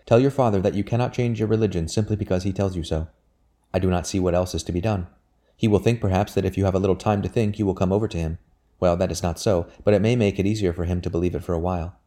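A man voicing an earnest, devout young gentlewoman in an audiobook, with raised, pleading intensity. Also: low voice, steady tone, fast talker, lightly acted.

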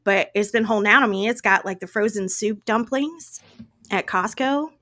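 A woman with a Southern drawl chats on a podcast, lively and full of "like" and "y'all". She sits at a mid-height pitch. Her voice is recorded close and bone dry, with no room around it. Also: moderate pace, no echo. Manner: chatty and animated, peppered with "like" and "y'all". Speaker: podcast co-host. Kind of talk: casual chat.

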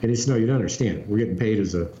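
A man's voice: lowish voice, very fast. A man co-hosting a podcast, telling stories in casual chat and acting out what people said. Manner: animated storyteller, acts out quotes. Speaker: podcast co-host. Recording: roomy, dull lo-fi with faint hiss.

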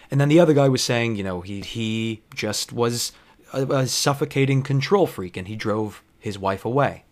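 A man, a bartender, telling a long personal story from work. He swears freely, wanders off into digressions and pauses to reflect on how he acted. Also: medium pitch. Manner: digressive, profane, self-reflective.

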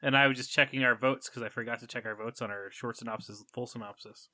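A young man co-hosts a casual podcast, trading wry, dry jokes. His voice is bright and forceful, and it sits in a dead, dry room close to the mic. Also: medium pitch, fairly even intonation, fast talker, dry recording. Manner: dry joking, wry asides. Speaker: podcast co-host. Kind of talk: casual chat.

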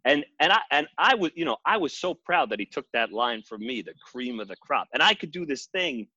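Husky, lively deadpan storyteller man. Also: medium pitch, brisk, no room sound, lo-fi sound. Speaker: comedian in character as a wrestling caterer. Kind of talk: improvised comedic storytelling.

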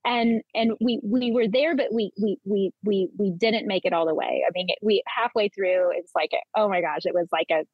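A woman's voice: mid-range voice, normal speed, few pauses, no echo. A woman talking as a podcast guest in a conversational interview. She speaks earnestly about spiritual matters and often repeats words while she gathers her thoughts. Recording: dull lo-fi sound.

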